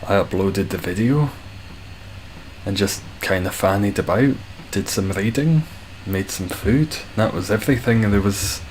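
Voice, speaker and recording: A man's voice: fairly low pitch, a little slow, darkish tone, slight background noise. A Scottish man chatting casually with viewers on a live stream, laid-back and swearing freely as he reads the chat. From Scotland.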